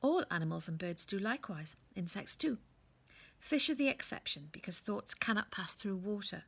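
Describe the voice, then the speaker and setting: A woman's voice: mid-range voice, expressive, moderate pace, creaky, husky. A woman reading aloud and voicing a learned, chatty, courteous male owl with a playful, wordy manner. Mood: genial.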